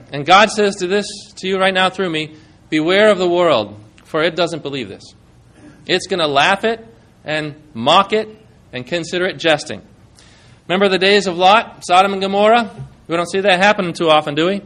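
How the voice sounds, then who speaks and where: High-voiced man preaching a sermon. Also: expressive, a little fast, bright, forceful tone. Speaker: pastor.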